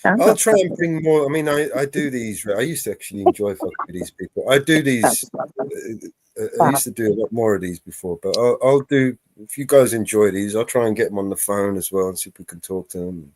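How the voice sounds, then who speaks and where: Sarcastic male streamer, animated swooping delivery, dry close sound. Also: on the low side, a little fast, no room sound. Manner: sarcastic, laughing, swearing. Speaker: live stream host. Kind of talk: casual live stream commentary.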